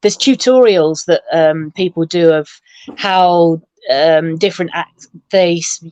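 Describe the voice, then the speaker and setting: A woman speaks very slowly in a smooth, resonant, fairly low voice, halting over her words. The sound is dry and close. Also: a little mellow, dry recording, highs cut off. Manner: slow and halting, with many fillers. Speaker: voice performer guest. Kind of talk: casual group chat on a live stream.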